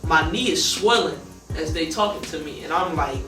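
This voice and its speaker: A woman's voice: deep voice, expressive, moderate pace. Casual young woman telling her story. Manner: casual, rambling, many fillers. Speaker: documentary subject. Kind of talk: recounting a personal story in an interview. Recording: roomy, distant mic, music underneath.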